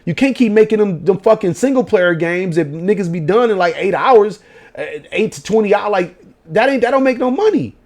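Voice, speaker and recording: Man, gaming vlogger, late-night rant, profane and animated, slightly high voice. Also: fairly quick. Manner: profane, animated ranting in slang.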